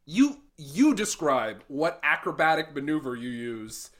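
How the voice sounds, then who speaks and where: A man narrating as game master of a tabletop game, halting and repeating words as he goes. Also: a little high, very animated, a bit bright.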